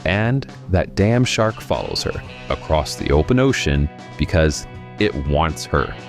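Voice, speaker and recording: A man with a low, deep voice hosts a comedic review of bad movie sequels. His delivery is wry and sarcastic, and faint music runs quietly behind him. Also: lively intonation, unhurried. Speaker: host.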